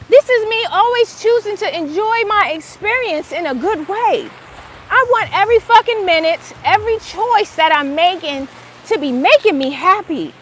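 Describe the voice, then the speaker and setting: High-voiced emphatic spiritual speaker woman. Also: a bit bright, slight background noise. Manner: emphatic, swears freely, drawn-out stresses. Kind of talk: casual motivational monologue.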